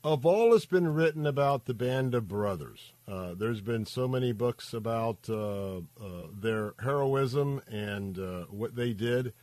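An upbeat man hosts a radio talk show into a studio mic, and he sounds energetic and enthusiastic. The recording is dry and close, with no room sound around his mid-pitched voice. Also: unhurried, few pauses, dry recording. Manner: energetic, upbeat, some fillers. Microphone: studio microphone.

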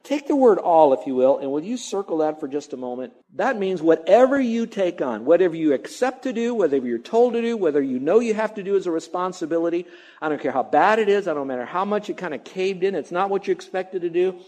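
A man preaching a sermon in a church, talking conversationally and drawing out key phrases slowly. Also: sits high, expressive, warm tone. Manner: conversational preaching, stretches key words slowly, mutters mock grumbling. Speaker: pastor.

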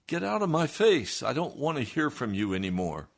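A defiant, scoffing churchgoer who will not be told he is wrong, as a preacher puts him on. The voice rides well above the preacher's own, loud and indignant. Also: mid-range voice, very animated, moderate pace, creaky, pitched above the performer's own voice. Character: indignant self-righteous male churchgoer.

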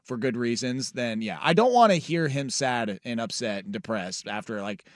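A man's voice: medium pitch, animated, normal speed, no room sound, clean studio sound. A man hosting a sports radio show, talking in casual, playful banter with many "uh"s and frequent laughs.

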